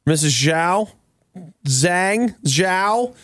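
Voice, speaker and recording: Radio co-host, male, congested with a cold, lively mock-exasperated storyteller, slightly higher voice, dry close mic. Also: extremely slow, no echo. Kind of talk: casual banter on air.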